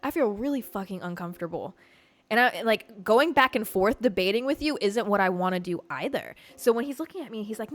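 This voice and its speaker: A woman hosting a podcast, telling a story in a blunt, profane, animated way. She grew up in Georgia and talks in a casual monologue. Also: mid-range voice, fast. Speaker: podcast host.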